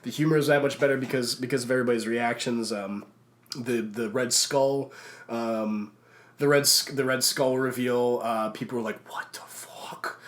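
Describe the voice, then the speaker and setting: A man co-hosting a relaxed podcast chat. He tells stories excitedly, rambling and doubling back over his words with lots of restarts. His voice sits in an ordinary middle pitch. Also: moderate pace. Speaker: podcast co-host.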